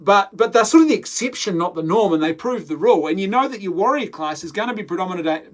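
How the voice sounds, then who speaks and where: A man hosting a casual live podcast, reading viewer comments aloud, rambling and laughing often. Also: on the high side. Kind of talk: casual live-stream chat.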